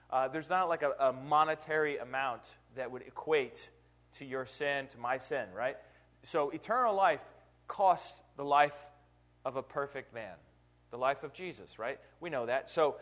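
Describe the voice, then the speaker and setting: In a relaxed Bible teaching, a man whose voice sits a bit high and bright chats with listeners, checking in through rhetorical questions and a frequent "right?". He puts emphasis on the scripture passages he reads out.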